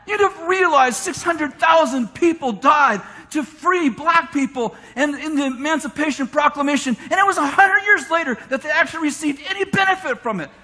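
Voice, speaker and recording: A man preaching a lively sermon, shouting his points and mimicking complainers in mock voices. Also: very high voice, moderate pace, few pauses. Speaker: pastor. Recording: long hall reverb from a church.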